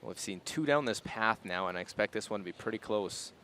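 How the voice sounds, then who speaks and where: A man commentating on a curling match in a calm, explanatory way. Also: lowish voice, fairly quick, background noise. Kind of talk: play-by-play commentary.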